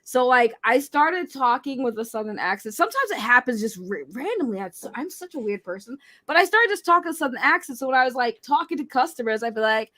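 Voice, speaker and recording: A woman with a high, bright voice tells self-mocking stories on a film stream panel. Her pitch swings widely as she talks, and her tone stays lively and forceful. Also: a little fast, few pauses. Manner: animated, self-mocking storyteller. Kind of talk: casual chat.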